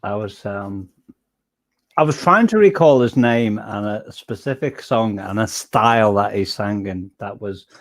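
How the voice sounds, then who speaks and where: English man, chat host, rambly and halting, casual. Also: lowish voice, expressive. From England.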